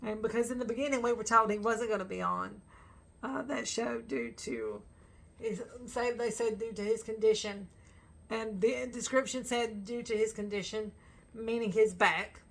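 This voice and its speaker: A woman's voice: a little high, normal speed. A woman chatting casually as a fan vlogger, rambling with lots of fillers and bursts of laughter. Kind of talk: casual chat to camera.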